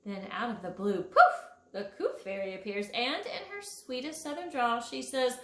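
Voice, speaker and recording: Woman storyteller, children's storybook reading, fairly high voice, echoey room. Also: moderate pace, few pauses. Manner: expressive, with big high jumps on sound words. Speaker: storyteller for a school.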